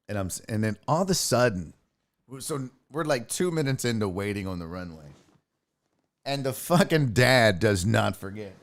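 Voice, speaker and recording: A man's voice: fairly low pitch, moderate pace. A young man hosting a podcast, telling a story casually, swearing and laughing often. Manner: profane, animated, laughs often. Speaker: podcast host.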